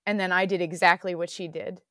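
A woman's voice: fairly low pitch, steady tone, fairly quick, a bit bright, no echo, clean studio sound. A woman guest telling a mountain story in an interview, reflective and earnest, with frequent fillers.

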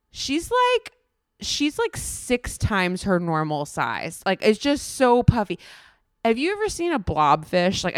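A woman's voice: fairly low pitch, clean tone, no echo, clean studio sound. A woman hosting a podcast in candid, chatty conversation. She laughs often and fills her talk with "like.". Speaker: podcast host. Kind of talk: casual podcast chat.

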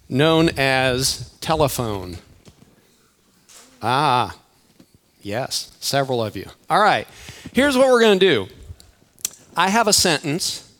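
An older man, a church elder, warms up a Sunday crowd in a relaxed, joking way, calling out to the kids and chatting as he goes. His voice sits a little high for a man, and he speaks into a mic in a church hall. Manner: playful, chatty, addresses the crowd directly. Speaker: church elder leading a children's game. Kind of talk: sermon opener with audience interaction. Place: church auditorium.

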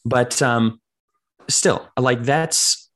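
A man's voice: mid-range voice, very slow, a bit bright. Casual man hosting a church chat. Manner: casual, asks questions, fillers like "like" and "right". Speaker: discussion host. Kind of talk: casual church panel discussion.

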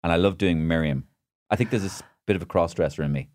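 A man's voice: sits low, fast talker, a little mellow, dry recording, clean studio sound. A middle-aged Irish man, a comedian and impressionist, chatting casually in an interview and slipping into impressions mid-sentence.

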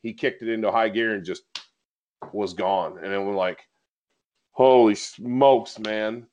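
A man hosting a podcast, telling a story in casual conversation and getting animated as he recounts it. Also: deep voice, moderate pace, lo-fi sound. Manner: animated storyteller, gets excited recounting events. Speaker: podcast host.

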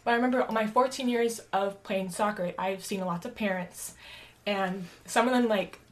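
A young woman speaking in a casual podcast conversation, chatty and quick to laugh. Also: mid-range voice, slight background noise.

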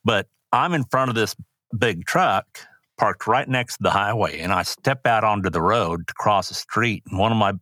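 A man's voice: lowish voice, moderate pace, pushed and bright, dry recording, studio quality. Older man telling earnest stories. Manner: earnest, rambling anecdotes with restarts. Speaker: guest, rodeo announcer. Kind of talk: personal storytelling interview.

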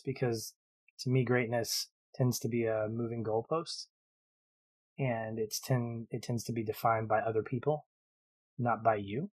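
A man's voice: lowish voice, breathy edge. A man co-hosting a podcast, building his points about a film in long, thoughtful runs. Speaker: podcast co-host. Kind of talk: casual film discussion.

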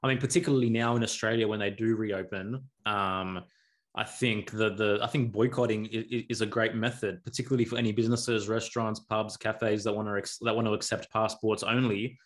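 A man's voice: on the low side, fairly even intonation, a little fast. A man hosting a podcast in casual chat, easygoing and agreeing with his guest. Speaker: podcast host.

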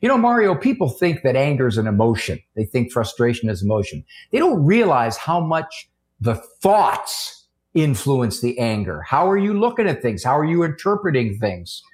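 A man's voice: medium pitch, big pitch swings, normal speed, a little mellow. A man who is a psychologist, speaking as a guest, punchy and joking, with strong emphasis. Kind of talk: conversational interview.

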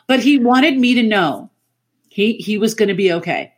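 A middle-aged woman, a podcast guest, telling family stories in casual chat over a remote call, animated and laughing often. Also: fairly high pitch, normal speed, breathy edge. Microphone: remote call mic.

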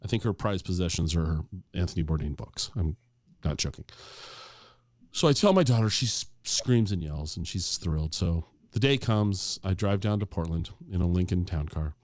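A man's voice: deep voice, moderate pace, no room sound, studio quality. A middle-aged man telling a long anecdote in a casual, conversational way, acting out the dialogue as he goes. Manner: animated, acts out quoted dialogue; conversational, with fillers and restarts. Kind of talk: casual storytelling.

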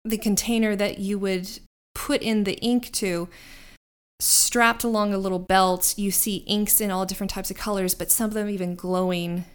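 A woman's voice: mid-range voice, steady tone, moderate pace, clean tone. A woman narrating a tabletop game as game master, descriptive and rambling with restarts.

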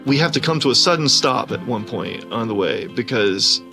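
A man telling a personal story in an animated way, often laughing as he talks. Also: medium pitch, normal speed, gravelly, soft background music.

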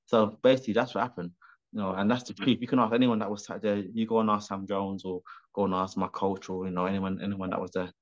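Animated swearing boxer over a video call. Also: male voice, lowish voice, fast talker. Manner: animated, swearing, rambling with restarts. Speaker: professional boxer. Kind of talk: casual remote interview. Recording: dull lo-fi video call audio.

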